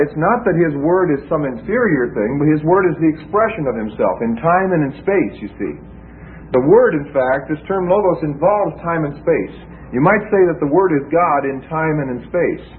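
A man giving a Bible teaching sermon, explaining slowly and often restarting and repeating his phrases, heard through a tinny lo-fi radio broadcast. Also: a little high, slight background noise. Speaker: preacher.

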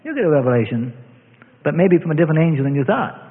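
Heard through a tinny, lo-fi recording in an echoing hall, a man preaches with a fairly high, very animated voice at a quick pace. His sermon swings dramatically from loud to hushed.

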